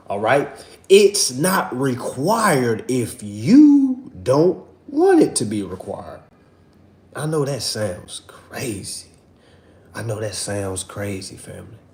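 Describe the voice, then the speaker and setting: Animated man lecturing on a livestream. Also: mid-range voice, unhurried, reverberant. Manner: preachy, repetitive, calls viewers "family" and "y'all". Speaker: livestream host teaching a finance class.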